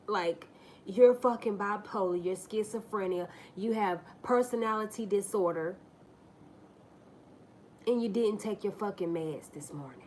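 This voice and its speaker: A woman hosting a livestream, telling a personal story to her viewers in a candid, profane, animated way. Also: medium pitch, unhurried, slight background noise. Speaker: livestream host.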